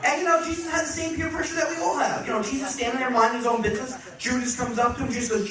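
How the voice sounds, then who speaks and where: A man performing a stand-up comedy set in a comedy club, teasing the crowd with punchy, quick jokes. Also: very high voice, steady tone. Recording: echoey club audio from a distance. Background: audience laughter and room noise.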